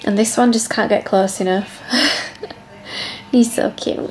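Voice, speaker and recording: Casual home vlogger, woman, a touch high-pitched, gushy and chatty, slightly stuffed up. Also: fairly even intonation, slow, pauses often, soft background music. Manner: chatty and gushing, coaxing her dogs in a sing-song voice. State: stuffed up and out of breath. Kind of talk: casual vlog chat. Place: home living room. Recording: echoey room with faint noise.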